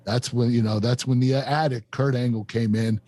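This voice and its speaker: A man in his fifties hosts a podcast and recounts a painful chapter of his life. He speaks earnestly and haltingly, circling back with fillers and restarts. His voice sits at an ordinary middle pitch. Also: fairly even intonation, mellow. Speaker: podcast host and former wrestler. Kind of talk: emotional personal storytelling.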